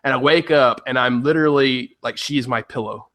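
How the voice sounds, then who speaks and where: A man's voice: mid-range voice, a little fast, a bit bright. A man from Tennessee, a podcast co-host, telling stories and ranting in a casual chat, swearing freely.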